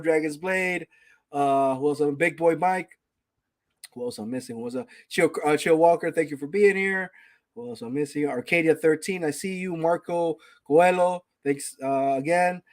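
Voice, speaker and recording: A man hosting a casual gaming podcast, ranting with heavy profanity and reading out chat names. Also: fairly high pitch. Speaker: podcast host.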